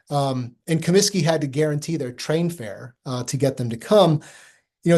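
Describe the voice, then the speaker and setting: A man's voice: fairly high pitch, a little mellow. Man giving a casual history talk. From Omaha, Nebraska, US Midwest. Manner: conversational, with frequent ums and restarts. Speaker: presenter at a history society chapter meeting. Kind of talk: informal history lecture with slides.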